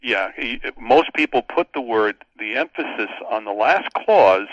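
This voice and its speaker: A man's voice: mid-range voice, animated, a little slow, a bit bright, no echo, muffled recording. An older man, a pastor, explaining a Bible verse as a radio guest in an earnest, teacherly way with many restarts.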